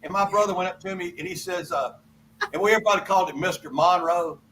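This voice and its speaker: A man's voice: high voice, fast, vocal fry, fairly bright tone, recorded from a distance, a little hiss or hum, low-quality recording. An older man, a guest songwriter telling rambling folksy anecdotes on a video call. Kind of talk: casual storytelling interview.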